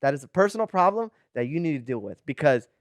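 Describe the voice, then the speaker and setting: A man with a fairly high voice co-hosts a casual podcast, speaking in an animated, defensive way. He drops Spanish words into his talk. The studio sound is dry and close. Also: quick pace, dry recording. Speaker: podcast co-host. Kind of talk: casual chat. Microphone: podcast studio mic.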